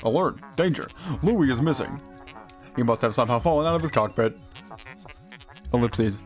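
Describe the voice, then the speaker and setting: A man putting on a deep formal ship robot. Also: normal speed, soft background music, lightly acted. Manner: stiff formal robotic delivery. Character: deep-voiced male ship's robot, formal and dutiful.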